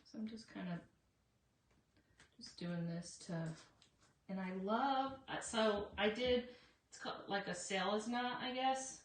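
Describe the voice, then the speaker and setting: A woman's voice: on the high side, measured pace, pauses often. Chatty woman crafting live, far off. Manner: chatty, addresses viewers as guys, frequent asides. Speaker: craft shop owner and live-stream host. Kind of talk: casual live craft demo. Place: her craft shop. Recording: roomy echo, distant from mic, faint noise.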